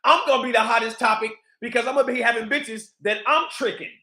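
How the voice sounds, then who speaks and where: A man with a high, bright voice talks straight to the camera in a loose, profane monologue. He rambles from one point to the next in an animated way. The sound bounces around a roomy, echoey space. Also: fast. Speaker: vlog host. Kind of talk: casual monologue. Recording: echoey room.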